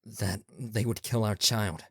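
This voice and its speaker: A man voicing a calm, somber, worried unicorn father in a fan audio drama. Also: on the low side, measured pace, slightly rough, dry recording, clean studio sound.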